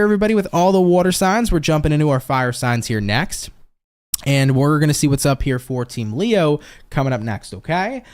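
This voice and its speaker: A man from the United States reading tarot on a casual live stream, upbeat and chatty, swearing freely and cheering viewers on while reading out their comments. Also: on the high side. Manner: upbeat, swears freely, pep-talk catchphrases.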